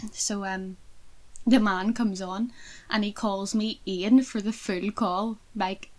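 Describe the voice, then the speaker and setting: A young Northern Irish woman in her twenties, chatting as a podcast co-host. Her voice sits at an ordinary middle pitch, and she rambles through stories with plenty of fillers and asides. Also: steady tone, takes it slowly, a little mellow. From Northern Ireland. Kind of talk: casual chat.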